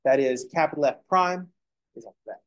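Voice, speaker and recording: A man's voice: a little high, a little fast, lo-fi sound. A man teaching a calculus class, explaining steps and making joking asides to his students. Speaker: math lecturer. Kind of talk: classroom lecture.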